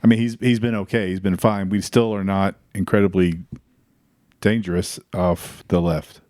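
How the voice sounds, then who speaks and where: Lowish-voiced guy guesting on a podcast, halting, dry mic. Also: flat delivery, darkish tone, no room sound. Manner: hesitant, halting. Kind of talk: casual chat.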